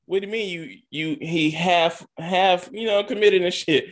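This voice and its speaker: A man's voice: sits high, normal speed, fairly bright tone. A man hosting a casual podcast, joking and laughing often as he talks. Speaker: podcast host. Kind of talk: casual chat.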